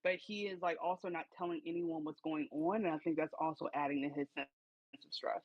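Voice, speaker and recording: A woman's voice: deep voice, fairly even intonation, brisk, dry recording, highs cut off. A woman co-hosting a podcast, reacting to a TV episode with incredulous, emphatic commentary. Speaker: podcast co-host. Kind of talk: casual TV recap chat.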